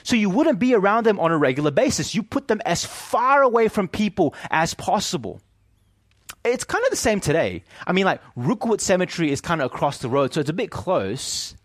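A man preaching a sermon as pastor, animated and often asking his listeners questions. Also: on the high side, dry recording, clean studio sound.

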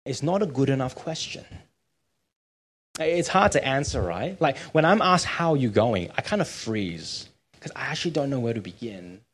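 A man's voice: mid-range voice, animated, moderate pace, breathy edge. A man preaching a sermon in church, conversational and often checking in with his listeners. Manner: conversational, often asks "right?".

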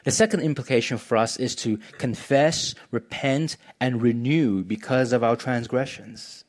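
A man's voice: medium pitch, a little slow. Earnest male pastor preaching. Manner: earnest, pastoral, repeats words when starting a thought. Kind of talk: sermon.

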